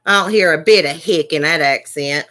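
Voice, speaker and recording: A livestream host rants angrily in a low, slightly bright voice at normal speed. She's heated, cussing, and keeps repeating herself.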